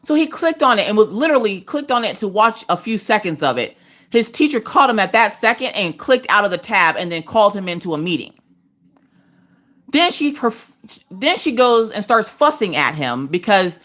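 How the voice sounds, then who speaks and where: A woman in her thirties hosting a livestream from her couch at home, chatting casually and telling animated stories, slipping into voices for the people she quotes. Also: mid-range voice, normal speed. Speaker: livestream host. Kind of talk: casual chat while crafting.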